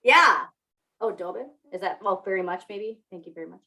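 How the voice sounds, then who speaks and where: A woman's voice: mid-range voice, moderate pace, sharp tone, poor audio. A young adult woman co-hosting a podcast in casual chat, laughing often and teasing herself. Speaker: podcast co-host.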